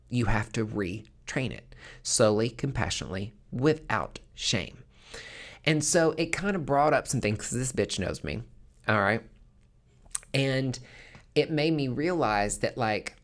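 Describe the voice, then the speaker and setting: A man's voice: lowish voice, creaky, fairly bright tone. A man hosting a podcast, talking in a frank, casual monologue and swearing freely. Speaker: podcast host.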